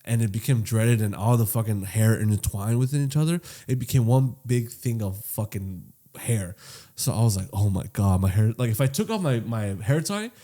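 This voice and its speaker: A man's voice: mid-range voice, moderate pace. Profane storytelling podcast guy. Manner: profane, animated storytelling that swings loud and soft. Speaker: podcast co-host. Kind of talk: casual chat, storytelling.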